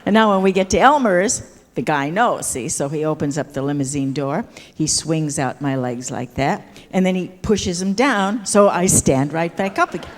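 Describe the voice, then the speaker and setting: A woman's voice: low voice, moderate pace, hardly any pauses. An older woman telling a comic anecdote on an auditorium stage, acting out the gestures as she goes and often asking "see?". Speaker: stage performer. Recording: echoey auditorium with long reverb.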